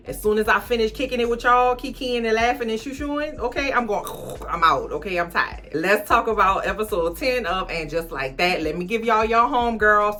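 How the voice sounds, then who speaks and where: A woman ranting casually about a TV episode at home, animated and slangy, chatting straight to her viewers. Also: mid-range voice. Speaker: TV recap vlogger. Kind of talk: casual TV recap rant.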